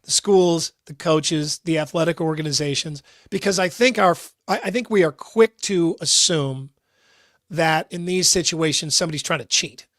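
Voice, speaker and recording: A man's voice: on the high side, normal speed, fairly bright tone, no room sound, clean studio sound. A man co-hosting a sports talk radio show, earnest and thinking aloud, often repeating words as he works out a point. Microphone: studio microphone.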